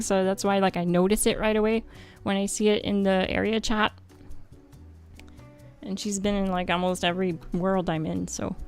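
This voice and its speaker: A woman's voice: mid-range voice, clear, resonant tone. Woman, French accent, casual livestream chatter, filler-heavy, faint background music. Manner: chatty, laughs often, lots of "like". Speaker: streamer.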